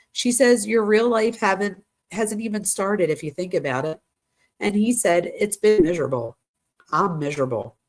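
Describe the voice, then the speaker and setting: A woman hosting a true crime channel, reading text messages aloud in a casual way, talking straight to her viewers and reacting as she goes. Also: medium pitch. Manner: casual, addresses viewers directly, reacts to what she reads. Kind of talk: reading texts aloud with commentary.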